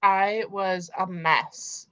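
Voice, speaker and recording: A woman's voice: medium pitch, steady tone, drawn-out words, a bit bright. A young woman hosting a casual book chat livestream, gushing and emphatic as she talks through the story. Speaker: host.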